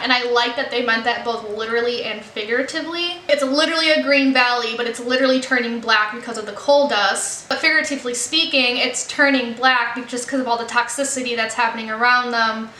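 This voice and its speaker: Young woman rambling through a movie review, high clear voice, echoey room. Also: fairly quick, hardly any pauses, pushed and bright, a little hiss or hum. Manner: chatty, earnest, many "like" and "you know" fillers. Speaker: movie reaction vlogger. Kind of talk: casual film review chat. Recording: roomy echo.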